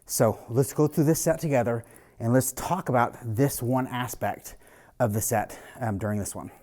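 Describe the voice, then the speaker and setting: Male personal trainer, casual and blunt, mid-pitched voice, talks through his sets with a salty edge. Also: normal speed, darkish tone. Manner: blunt, casual, swears freely. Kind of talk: casual workout coaching talk.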